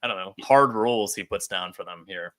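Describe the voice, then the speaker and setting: A man co-hosting a book podcast, retelling scenes in an animated, profane way and laughing often. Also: fairly low pitch, a little fast. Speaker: podcast co-host. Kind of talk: casual chat about a book.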